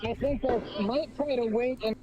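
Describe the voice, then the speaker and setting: A man livestreaming from a street protest, reporting what he sees in a halting, observational way. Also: extremely high pitch, fairly even intonation, dull audio, background noise. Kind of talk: on-the-ground live reporting.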